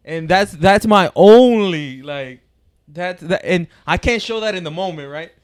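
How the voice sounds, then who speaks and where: A man's voice: high voice, unhurried, clean tone. A man co-hosting a casual podcast chat who laughs often and throws questions to the group. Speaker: podcast co-host.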